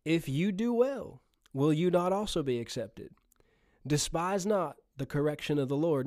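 A man's voice: fairly high pitch, lively intonation, unhurried, a little mellow, no room sound, studio quality. A man preaching a sermon in an earnest, conversational way, often chuckling as he speaks.

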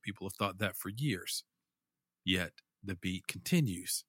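Lively-voiced man reading gaming news. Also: deep voice, measured pace, slightly rough, no room sound, studio quality. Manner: lively, chatty, reads headlines with asides. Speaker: podcast co-host.

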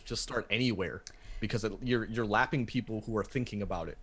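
A man's voice: fairly low pitch, fairly quick, a bit bright, husky. A man who hosts a wrestling podcast, talking casually and animatedly, swearing and restarting his sentences.

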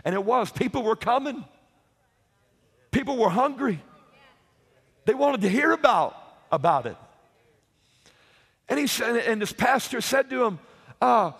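A man with a very high voice delivers a sermon, repeating his words and rising to shouts to drive home his key points. He asks his listeners "Hello?" to press his points. His voice rings out with a long reverb, as in a large hall. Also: expressive, measured pace, long pauses, slightly rough. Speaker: preacher.

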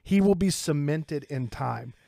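A man's voice: fairly high pitch, animated, measured pace, creaky, mellow, dry recording, studio quality. A man co-hosting a podcast in casual chat, rambling through stories and swearing freely. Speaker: podcast co-host.

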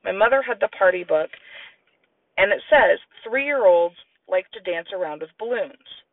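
A man's voice: measured pace, gravelly, no echo, far from the mic. A man reading a children's story aloud and doing the characters' voices. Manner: lively, plays children's voices in high squeals. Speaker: audiobook narrator. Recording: tinny, lo-fi, radio-like sound.

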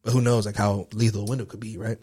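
A man's voice: lowish voice, level tone, fast, mellow, slightly rough. A young man telling a personal story in a casual podcast chat, rambling and profane, full of filler words. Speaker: guest.

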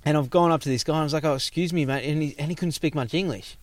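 Animated Australian man in his thirties. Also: on the high side, rapid-fire, no echo. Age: 30s. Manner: animated, swears freely, acts out quoted voices. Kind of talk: casual storytelling chat.

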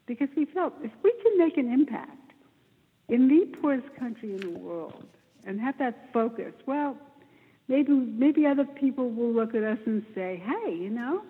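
A woman with a somewhat high, breathy, husky voice recounts her charity story in an interview. She talks with animated emphasis and often clears her throat. The sound is thin and phone-like, with a long reverb tail. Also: moderate pace. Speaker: interview guest, charity founder.

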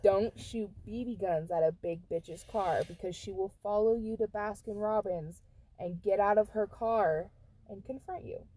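A woman's voice: mid-range voice, unhurried. A woman co-hosting a casual podcast, telling a story with lots of swearing and acted-out quotes. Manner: profane, animated storyteller who acts out quotes. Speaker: podcast co-host.

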